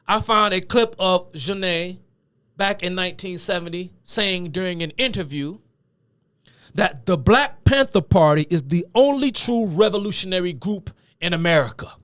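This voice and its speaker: A man with a high voice delivers lecture-style commentary on politics. He talks emphatically and conversationally and drops casual slang as he explains things to his viewers. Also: animated, normal speed, a bit bright, clean tone.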